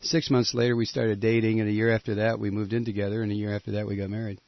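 Gravelly talk radio host. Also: male voice, lowish voice, little pitch movement, dry recording. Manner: blunt, joking, wraps up calls briskly. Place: radio studio. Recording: dull lo-fi radio broadcast.

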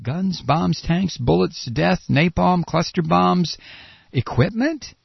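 A man's voice: high-pitched, slow pace, creaky, slightly rough, no echo, dull audio. A man hosting a satirical radio show, sarcastic and ranting. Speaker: radio comedy host. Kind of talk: satirical commentary.

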